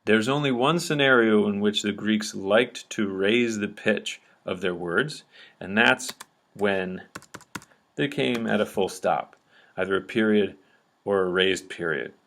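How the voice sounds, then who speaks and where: A man with a somewhat low voice walks through a lesson at a patient pace. He explains each step and keeps checking that his listeners are following along. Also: measured pace, fairly bright tone. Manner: patient, checks understanding often with "okay?". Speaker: teacher. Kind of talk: explanatory lecture at a board.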